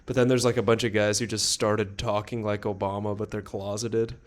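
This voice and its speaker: A man with a fairly low voice co-hosts a comedy podcast in loose, casual banter. He laughs a lot and riffs freely, tossing in goofy bits as the jokes build. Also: level tone, brisk. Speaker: podcast co-host.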